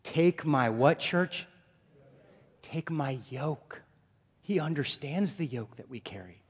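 A male pastor preaching a sermon to his congregation in a lively, joking manner. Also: mid-range voice, unhurried, husky. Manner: animated preaching, jokes with the congregation. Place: church sanctuary. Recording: long hall reverb.

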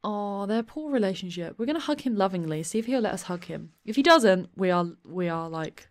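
A young woman giving chatty let's play commentary, often slipping into quick asides in her characters' voices. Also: medium pitch, lively intonation. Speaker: gameplay commentator. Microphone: desk USB microphone.

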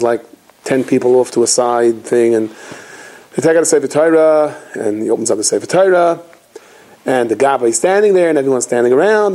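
A man's voice: medium pitch, rough recording. A man, a rabbi, giving an inspirational holiday talk, telling stories animatedly and acting out the quotes. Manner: animated storytelling with acted quotes.

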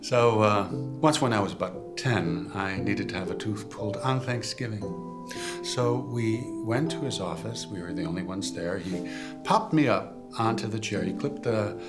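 An older actor playing a dying father who reminisces to his son, gentle and rueful, often chuckling softly as he tells stories. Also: lowish voice, animated, normal speed, over loud music, lightly acted. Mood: amused. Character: regretful dying father, wry storyteller. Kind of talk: film drama dialogue.

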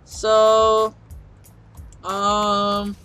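A woman's voice: mid-range voice, completely flat delivery, extremely slow, fairly bright tone, clean tone. A woman casually playing a video game with a child, laughing often and coaxing her along. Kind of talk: casual let's-play chat. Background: faint chiptune music.

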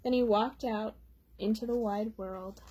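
Woman doing a kids storytime read-aloud, gentle, explains stuff, slightly high and breathy. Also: fairly even intonation, unhurried. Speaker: storytime reader.

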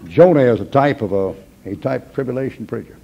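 A man's voice: medium pitch, lively intonation, quick pace, gravelly, dark tone, highs cut off. A man teaching a Bible class in a folksy, emphatic way, with chuckling asides.

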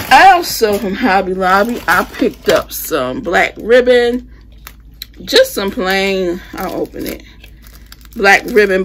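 A home decor vlogger with a mid-range, gravelly, slightly bright voice chats casually with viewers she calls "you guys," showing off her holiday decor haul. She uses phrasing like "y'all" and "I'ma," and a faint hiss or hum runs under the recording.

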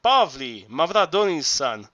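A man voicing a panicked young villager who keeps shouting bad news in an audiobook. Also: fairly high pitch, big pitch swings, a little slow, full character voice. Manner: breathless, shouting.

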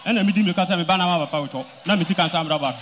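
Hesitant man giving rapid testimony. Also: sits high, a bit bright, a little hiss or hum. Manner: halting, hesitant, with restarts and fillers. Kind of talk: halting testimony.

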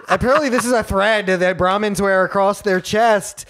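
High-voiced, riffing podcast co-host man. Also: fairly bright tone. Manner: quick riffing, with exaggerated high-pitched mock quotes. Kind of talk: casual comedic chat.

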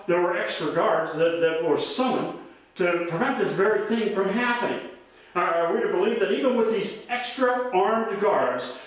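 High-voiced preacher in an echoey church. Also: male voice. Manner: earnest preaching with frequent word repeats. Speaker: pastor. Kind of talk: sermon. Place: church sanctuary. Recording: roomy echo, voice from a distance.

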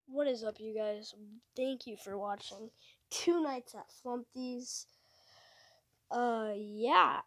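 A woman's voice: on the high side, measured pace, long pauses, slight background noise. A woman giving live commentary while playing a horror game, jittery and muttering, making sound effects aloud. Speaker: gaming video creator.

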